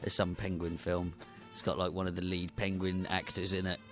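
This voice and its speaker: Low-voiced young man with dry quips. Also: flat delivery, moderate pace, a bit bright, faint music behind. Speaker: podcast co-host. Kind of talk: casual comedy chat.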